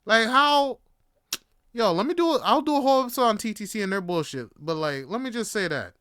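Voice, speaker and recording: A man's voice: high voice, lively intonation, fairly quick, fairly bright tone, clean tone, no room sound, studio quality. A young man from Canada hosting a podcast, talking in a laid-back, rambling way full of fillers and swearing. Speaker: podcast host. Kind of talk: casual monologue.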